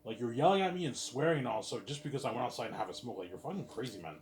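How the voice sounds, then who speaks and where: A man's voice: mid-range voice, animated, very fast, a little hiss or hum. A tired man telling a rambling, repetitive story to his viewers, swearing and stumbling over his words. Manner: rambling, repeats himself, swears, talks to himself. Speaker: vlogger. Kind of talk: casual storytelling monologue.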